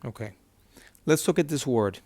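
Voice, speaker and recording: A man's voice: mid-range voice, animated, normal speed, warm tone, dry recording. Patient male Hebrew teacher, dry sound. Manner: patient, repeats key terms and asks checking questions. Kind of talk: whiteboard lesson.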